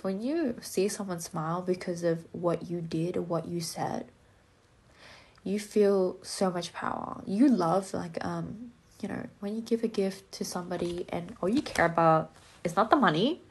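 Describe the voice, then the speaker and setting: A woman's voice: lowish voice, husky. A young Australian woman giving a live collective tarot reading in a casual, blunt, joking way, with the odd swear word. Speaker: tarot reader.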